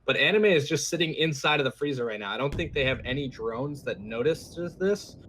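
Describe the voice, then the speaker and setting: A man giving live color commentary on an esports match, analyzing teams in a relaxed, loose way. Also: mid-range voice, brisk, a little hiss or hum. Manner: analytical, relaxed, many "you know" fillers. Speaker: esports caster.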